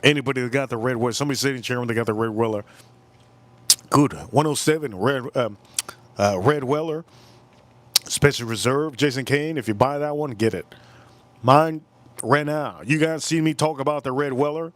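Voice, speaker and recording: A man in his forties hosting a casual livestream outdoors, telling animated stories and calling out viewers by name. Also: medium pitch, normal speed, pauses often. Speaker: livestream host.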